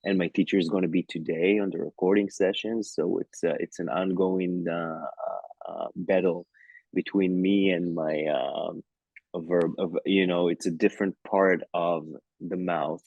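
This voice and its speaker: A man's voice: low-pitched, steady tone, a little slow, creaky, darkish tone, breathy edge, dry recording, highs cut off. A man with an Israeli accent chatting playfully as an actor guest in a video-call interview, with many fillers and restarts.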